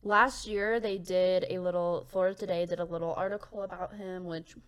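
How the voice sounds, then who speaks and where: A young woman co-hosting a casual true-crime podcast, reading quotes aloud with soft laughs and many fillers. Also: fairly low pitch, fairly even intonation, a little fast, clear, resonant tone. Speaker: podcast co-host.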